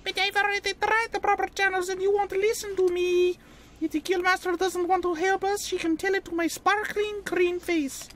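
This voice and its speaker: A man doing a shrill, brash fairy girl. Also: level tone, moderate pace, a bit bright, slight background noise. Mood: defiant. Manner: shrill squeaky falsetto. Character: fiery little female fairy, brash and defiant.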